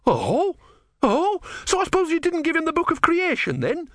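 A man voicing an indignant devout young monk who snarls in shrill outrage in an audiobook. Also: wildly swooping pitch, normal speed, a bit bright, dry recording, studio quality, full character voice. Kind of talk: audiobook character voice.

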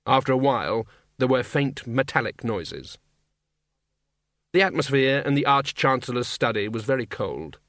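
A man reading a novel aloud in a measured, wry audiobook narration, close to a studio mic. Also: mid-range voice, expressive, a bit bright, no room sound.

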